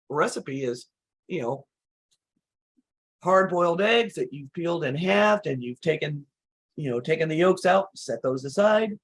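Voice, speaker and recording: Woman host, a bit hoarse, casual recipe chat with lots of fillers. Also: deep voice. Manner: relaxed, chatty, many "you know" fillers. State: slightly hoarse, losing her voice.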